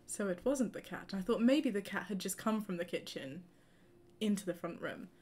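A woman co-hosting a game stream, chatting casually and telling an animated story with frequent laughter. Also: medium pitch, moderate pace, slightly rough. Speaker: gaming streamer co-host. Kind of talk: casual chat while playing.

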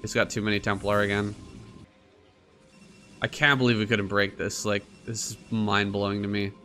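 A man giving casual commentary over his own strategy game match, excitable and crude, swearing and mocking his opponent with frequent laughter. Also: on the low side, normal speed, faint music behind. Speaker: gaming streamer.

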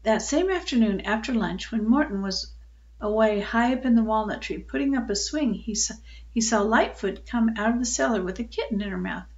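An older woman reads a children's book aloud in a calm, unhurried storyteller's way, with the odd small slip. Her voice sits slightly high, and the recording is dull and lo-fi.

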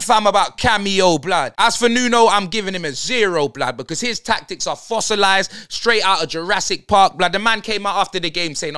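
Young man, fan-channel host; exasperated slang rant, high and animated. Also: moderate pace, clean tone. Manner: slang-heavy, exasperated ranting. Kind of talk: fan player-ratings rant.

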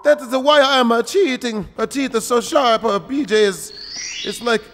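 A man's voice: extremely high pitch, normal speed, fairly bright tone, long reverb tail, voice pushed up. A man voicing a harried, crude married man with a put-on Mexican accent, speaking in stilted, formal phrasing over a noisy home game recording.

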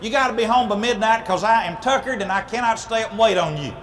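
A man's voice: high-pitched, fast talker, fairly bright tone, in a large hall. A man voicing a tough little old fairy godmother who is bossy, motherly and tired, in a live event recording with background hiss.

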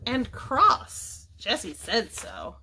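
A little boy bursts with excitement in a storybook reading, his voice pitched high and lively. He is eager and loud. A woman puts him on as she reads. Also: very slow, husky, heavily acted. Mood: sheepish. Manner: high, shouting.

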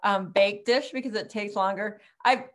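A woman's voice: medium pitch, moderate pace. A middle-aged woman teaching an online cooking class in a chatty, rambling way, with frequent ums and laughs.

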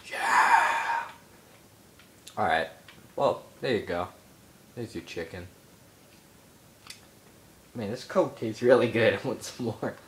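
A young man giving excitable let's play commentary, yelping and mock-outraged as he explores. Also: fairly low pitch, takes it slowly, long pauses. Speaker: gamer.

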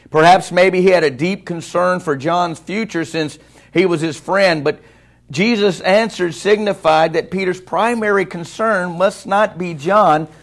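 A man preaching a sermon in a church, in a conversational way that keeps asking the congregation questions. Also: fairly high pitch. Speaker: pastor. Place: church sanctuary.

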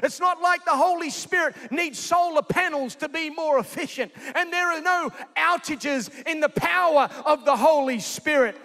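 Energetic high-voiced pastor. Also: male voice, normal speed, hardly any pauses. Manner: energetic, jokey, calls out to the crowd. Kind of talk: sermon. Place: large convention centre. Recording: echoey convention hall.

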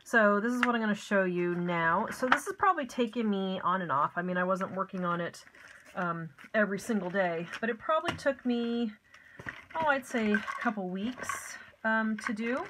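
A woman's voice: medium pitch, moderate pace, noisy background. A middle-aged woman giving a casual, step-by-step craft lesson at her desk at home, chatty and homey with frequent ums and asides. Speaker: craft tutorial host.

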